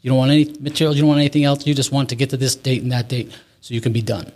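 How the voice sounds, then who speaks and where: A man's voice: medium pitch, steady tone, rapid-fire, a little mellow. A man in his forties, an interview guest, telling a candid recovery story in a rambling way with restarts and nervous laughs.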